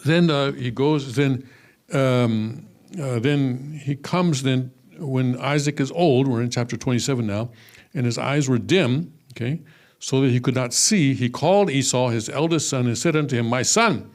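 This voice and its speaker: A man's voice: medium pitch, moderate pace, darkish tone. A man teaching a scripture lesson, reading aloud and breaking off into casual asides with many fillers and restarts. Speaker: religious teacher.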